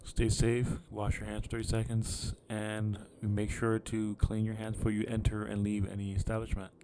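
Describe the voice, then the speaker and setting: Co-host, adult man, low voice, dry quips, noisy mic. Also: completely flat delivery, normal speed. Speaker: podcast co-host. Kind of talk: casual chat.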